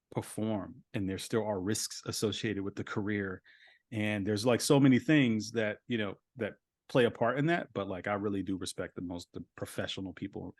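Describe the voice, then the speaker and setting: A man's voice: on the low side, no echo, studio quality. A man in his thirties, a voice actor guest on a podcast, talking casually and rambling with lots of "like" and "you know.".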